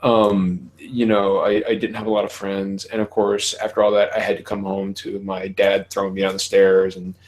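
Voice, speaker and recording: A man in his thirties hosts a casual podcast conversation with a slightly low voice. He talks candidly, swears freely and laughs often. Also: flat delivery, moderate pace, hardly any pauses, rough recording. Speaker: podcast host.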